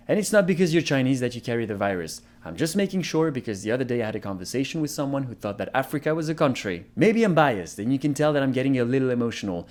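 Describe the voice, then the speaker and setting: A man's voice: medium pitch, darkish tone. A young man giving earnest, impassioned commentary in a personal video. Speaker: video creator.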